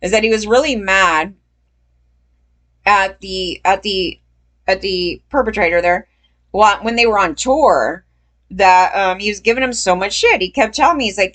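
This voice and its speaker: A young adult woman telling a personal story in a loose, rambling way, swearing often, laughing, and jumping up in pitch when she gets emphatic. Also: moderate pace, fairly bright tone. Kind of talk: casual storytelling.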